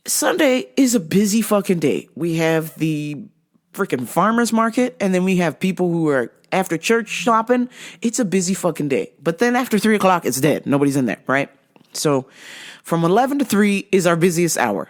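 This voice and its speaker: A woman's voice: lowish voice, very animated, normal speed. A woman podcast host and business owner telling a story as a casual, profane, exasperated rant.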